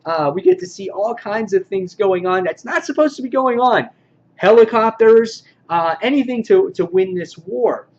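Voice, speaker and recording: A man giving a casual comic book review, excitable and loose, acting out characters' lines with mild swearing. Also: sits high, normal speed. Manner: excitable, acts out characters' quotes; lots of fillers and restarts, mild swearing. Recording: dull lo-fi sound with faint noise.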